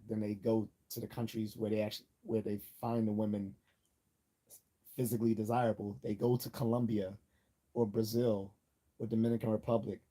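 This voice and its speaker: Dark, husky-voiced man rambling on a livestream. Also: lowish voice. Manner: rambling, many fillers and restarts, chuckles mid-sentence. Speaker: livestream host. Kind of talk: casual livestream commentary.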